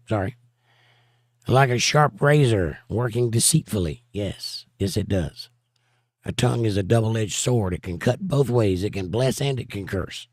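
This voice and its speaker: A hoarse man hosting a casual livestream, reading chat comments aloud and joking around. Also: mid-range voice, no room sound, clean studio sound. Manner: joking, playful banter.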